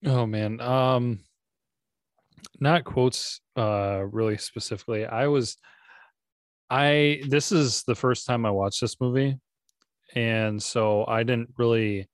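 A man's voice: mid-range voice, dry recording, clean studio sound. A man co-hosting a podcast, talking casually about a movie, easygoing and hesitant with ums and uhs. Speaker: podcast co-host.

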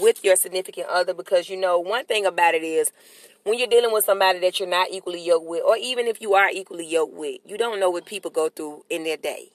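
A podcast host, talking in a casual, animated and preachy way, often repeating short affirmations. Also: medium pitch, dry recording. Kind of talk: casual chat.

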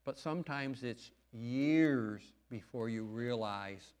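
A middle-aged man speaks in an earnest, homespun way, leaning hard on key words as he shares his testimony. His voice sits at an ordinary pitch for a man. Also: takes it slowly, a little mellow, clear, resonant tone. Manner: earnest, folksy, emphatic. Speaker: lay preacher and farmer. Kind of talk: church testimony talk.

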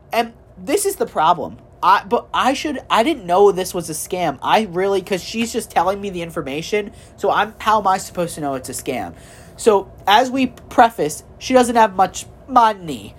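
A woman's voice: medium pitch, very animated, normal speed, slightly rough. Profane young woman telling a family story. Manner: profane, exasperated, mimics relatives in quotes. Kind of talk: casual storytelling chat.

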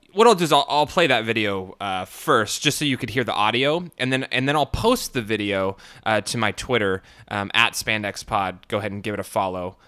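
A man hosts a podcast alone, rambling through lots of fillers and crude jokes while speaking around a swollen, split lip. His voice is on the low side, pushed and bright, with a clear, resonant tone.

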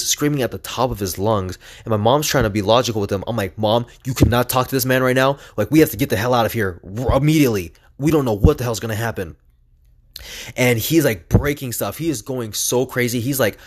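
A young man telling a personal story on his own podcast, rambling and earnest, filling his talk with "like". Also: mid-range voice. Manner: rambling, heavy use of "like", earnest.

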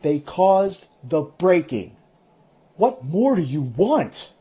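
A man's voice: on the high side, very animated, slow, dark tone, husky, dull audio, voice pushed up, heavily acted. A man reading aloud, voicing an earnest young village man in a raised, insistent voice. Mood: exasperated. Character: earnest young village man, stern about old wrongs.

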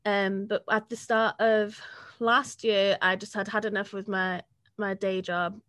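A young woman, chatting casually as an interview guest, sweary and quick to laugh. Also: mid-range voice, flat delivery, fairly bright tone, no echo, clean studio sound. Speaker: podcast guest, freelance journalist.

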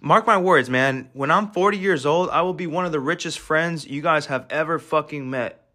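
A young man in his twenties delivers a swaggering, profane pep talk, piling on fillers as he hypes himself up. His voice sits a little high and comes out bright and forceful, with a pushy edge. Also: moderate pace. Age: 20s. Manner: brash, profane and hyped, heavy filler talk. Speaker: podcast host. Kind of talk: casual motivational monologue.

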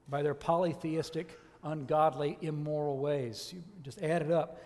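A man preaching a sermon as a church elder, impassioned and emphatic, rising to loud peaks and dropping low. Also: fairly even intonation, normal speed, few pauses, long reverb tail.

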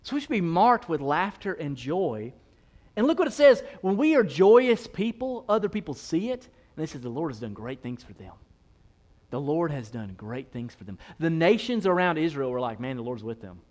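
A man preaching a sermon, swinging between loud, punchy asides to the congregation and soft, slow scripture quotes. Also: on the high side, very animated. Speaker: pastor.

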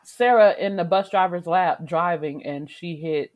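A woman co-hosting a podcast, trading quick, profane reactions about a movie in casual chat. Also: fairly low pitch, a little mellow. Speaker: podcast co-host.

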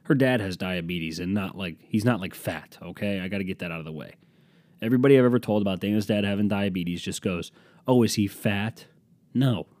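A man's voice: low voice, fast talker, a little mellow, dry recording, clean studio sound. A young man hosting a solo podcast, rambling in a jokey, self-deprecating way with some swearing. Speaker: podcast host.

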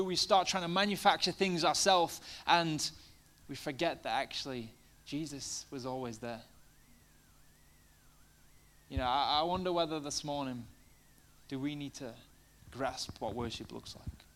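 A man's voice: a little high, measured pace, fairly bright tone. Male preacher, casual and chatty in his sermon, swelling into fervent emphasis. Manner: conversational, many fillers, rising to passionate emphasis.

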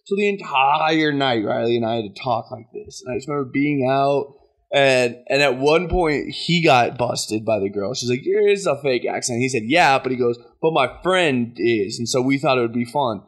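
A man's voice: medium pitch, normal speed. A young man hosting a podcast, telling a story in casual chat and laughing at himself as he goes. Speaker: podcast host.

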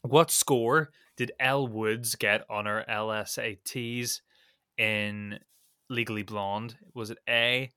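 A man's voice: fairly low pitch, fairly even intonation, takes it slowly, pushed and bright, clear, resonant tone, dry recording, clean studio sound. A man co-hosting a casual podcast, reading out quiz questions and answer options with a playful lilt.

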